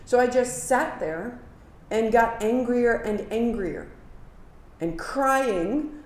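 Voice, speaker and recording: A woman teaching a live kundalini yoga class, giving calm movement cues and sharing earnest reflections. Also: a little high, takes it slowly. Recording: echoey room.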